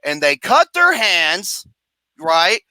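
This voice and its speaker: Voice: mid-range voice, big pitch swings, slow, pushed and bright, no room sound. A movie reviewer ranting about a film in a comedic, profane way, mocking and sarcastic, swearing constantly and breaking into laughter.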